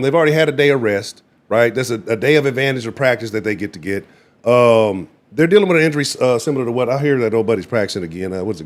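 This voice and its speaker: A man hosting a casual live sports stream, rambling in an animated, slangy and profane way. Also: medium pitch. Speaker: sports show host.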